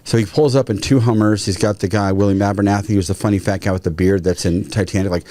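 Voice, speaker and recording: A man, a guest firearms trainer, telling stories in a casual, animated way and acting out quotes. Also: lowish voice, fast, few pauses. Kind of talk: casual storytelling.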